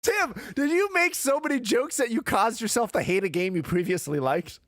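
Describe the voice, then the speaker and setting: A man streaming a game playthrough, joking, laughing and mocking himself as he plays, with loud game music behind. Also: extremely high pitch, animated, moderate pace, dry recording, studio quality.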